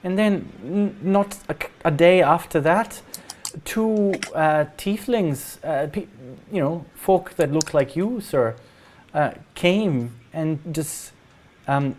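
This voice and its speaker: Homem fazendo uma mãe aflita e gaguejante. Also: male voice, a little high, lively intonation, a little mellow, pitched above the performer's own voice. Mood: anxious. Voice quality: halting, stammering speech. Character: worried middle-aged woman, a missing man's mother.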